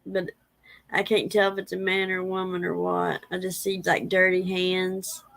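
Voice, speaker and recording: A woman's voice: on the low side, completely flat delivery, moderate pace, creaky, fairly bright tone, low-quality recording. A woman, rambling in a casual livestream chat and reading viewer comments aloud. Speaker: livestream host.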